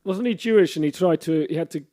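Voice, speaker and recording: A man's voice: fairly high pitch, quick pace. A man co-hosting a live stream, chatting casually and adding trivia. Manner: relaxed, chips in with asides and trivia. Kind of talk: casual chat.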